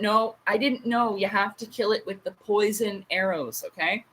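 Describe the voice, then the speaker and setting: A woman's voice: mid-range voice, moderate pace, hardly any pauses, a bit bright, husky, low-quality recording. A woman in her late thirties hosting a casual livestream chat, a rambling storyteller with frequent asides. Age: late 30s. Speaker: livestream host.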